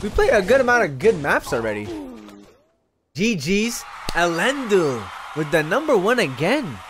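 High, animated swearing game streamer man. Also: normal speed, background noise. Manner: excitable, swears constantly, breaks into chants. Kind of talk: casual live gaming commentary.

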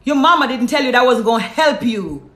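A woman's voice: a little high, expressive, a little fast, fairly bright tone. A Jamaican woman hosting a live stream, preaching bluntly and reading out viewer comments. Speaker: host. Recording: roomy echo.

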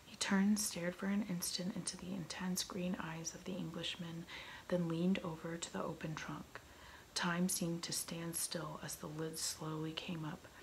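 A woman reading a novel aloud in soft, slow whispered role-play, close to an ASMR microphone. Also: fairly low pitch, flat delivery, vocal fry, rough recording. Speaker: ASMR reader. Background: faint heater hum.

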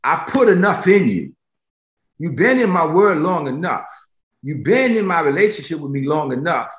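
A male preacher delivers a sermon with a lively voice that swoops up and down. He hammers key phrases again and again and keeps checking that his listeners are with him. His voice rings with the echo of a roomy space. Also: on the high side, normal speed. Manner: emphatic, repeats phrases for stress, addresses listeners directly.

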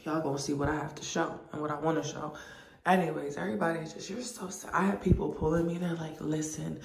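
A woman vlogger chatting casually to camera in an animated, profane way. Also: low-pitched, fast talker, vocal fry. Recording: roomy, distant mic.

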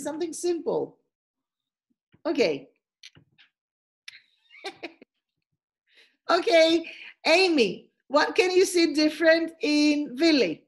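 A woman teacher trainer leading an online webinar over a video call, giving lively, encouraging instructions. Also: high voice, slow, pauses often.

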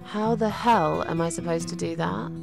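A gravelly, weary lonely woman. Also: normal speed. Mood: exasperated. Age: 40s. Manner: grudging, sardonic, low-key. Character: lonely weary middle-aged woman, reluctant and dry. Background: game music.

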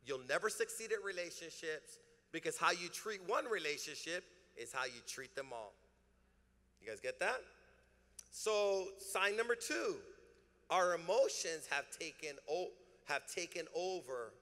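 High, bright-voiced preaching man. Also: lively intonation, measured pace. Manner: emphatic preaching with call-and-response. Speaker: pastor. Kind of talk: sermon. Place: church sanctuary. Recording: long church hall reverb.

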